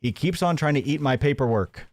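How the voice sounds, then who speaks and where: A man hosting a live-stream commentary show, sarcastic and mocking, often laughing and jumping into a high mimicking voice. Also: animated, brisk, no room sound, clean studio sound.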